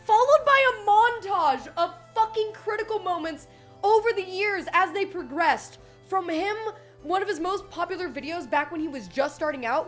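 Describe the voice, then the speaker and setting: A young woman chats on her stream in a high, animated voice. She rambles, swears freely and laughs a lot, putting on other people's voices. Faint music plays behind her. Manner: animated voice swings, mimics others. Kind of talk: casual stream chat.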